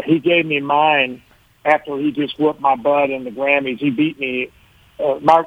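A man's voice: mid-range voice, dry recording. Man telling stories over a phone line. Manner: rambling, self-correcting, chuckling. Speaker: guest musician. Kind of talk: casual storytelling interview.

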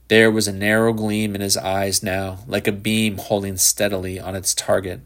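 A man reading a literary short story aloud in a measured, even narration. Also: lowish voice. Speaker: audiobook narrator.

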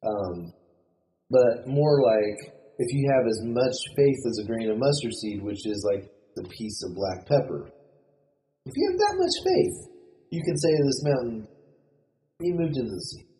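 A man's voice: mid-range voice, lively intonation, normal speed, dark tone, poor audio. A man in a podcast talk reflecting on faith and peace in a loose, rambling way, often restarting sentences and acting out quoted voices. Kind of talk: casual spoken reflection on scripture.

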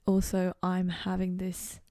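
A young adult woman hosts a casual solo podcast from her dorm room, rambling in a goofy, self-deprecating way. Her voice is lowish, warm and monotone, unhurried in pace. The sound is studio quality with no echo.

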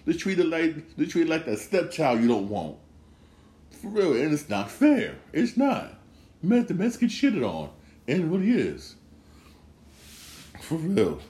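A man's voice: on the high side, wildly swooping pitch, unhurried, long pauses, warm tone, reverberant. A man hosting a casual sports podcast, rambling and repeating himself as he gets worked up. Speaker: podcast host.

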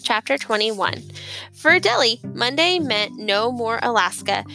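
A woman reading a children's novel aloud as narrator, expressive and lively. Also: fairly high pitch, measured pace, gravelly, soft background music, poor audio. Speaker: audiobook narrator. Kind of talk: scripted storybook narration.

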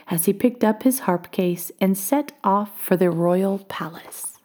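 A woman reading a children's storybook aloud, expressive and often dropping to a hush. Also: medium pitch, a little slow, hardly any pauses.

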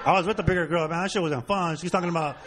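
A man's voice: a little high, very fast, fairly bright tone, a little hiss or hum. A Mexican-American man doing a brash, profane stand-up comedy set on a club stage before a live audience. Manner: profane, brash punchline delivery.

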